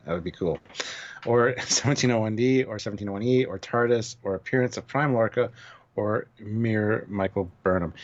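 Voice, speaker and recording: Low-voiced man co-hosting, dull lo-fi sound. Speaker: co-host. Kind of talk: live stream discussion.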